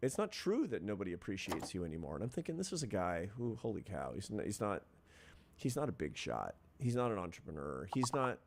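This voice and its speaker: A man in middle age with a notably low-pitched voice shares a personal story as a guest in an interview. He talks in an earnest, thoughtful way, laying out his ideas one step at a time. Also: gravelly, a little hiss or hum. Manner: earnest, reflective, builds points step by step. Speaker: interview guest, social scientist.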